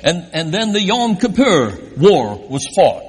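In an unhurried, high voice with a breathy edge, an older pastor preaches and tells stories at his own expense about his beginnings in ministry. He's an animated storyteller, and his voice carries the long reverb of the church hall.

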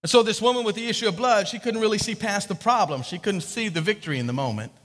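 A man's voice: high-pitched, quick pace, fairly bright tone. A male pastor preaching a sermon in a conversational way, repeating words and asking the congregation questions, in a church. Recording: echoey hall.

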